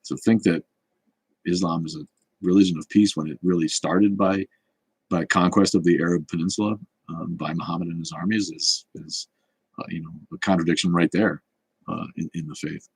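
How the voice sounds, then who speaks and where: A man's voice: deep voice, steady tone, moderate pace, breathy edge, no room sound. A man hosting a casual livestream chat, answering comments in a rambling, blunt and profane way. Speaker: show host.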